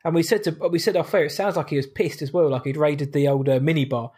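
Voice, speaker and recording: A man's voice: a little high, fairly even intonation, fast talker, dark tone, slightly rough. A man co-hosting a podcast, rambling through a film's plot with wry asides. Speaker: podcast co-host. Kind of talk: casual film review chat.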